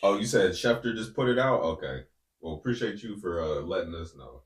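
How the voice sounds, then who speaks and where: A man hosting a sports podcast in a relaxed, easygoing casual chat, reading out news as it comes in. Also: low voice, fairly quick, husky.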